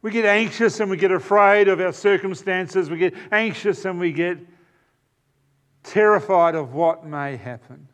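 A high-voiced man with a New Zealand accent delivers a sermon. He talks in a relaxed, conversational way, stops often on fillers and asks the congregation quick questions. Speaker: preacher.

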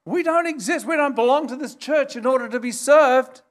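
A man preaching a sermon, emphatic, jumping up high to stress points and acting out quoted dialogue. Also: normal speed. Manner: acts out quoted dialogue in a raised voice. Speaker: pastor.

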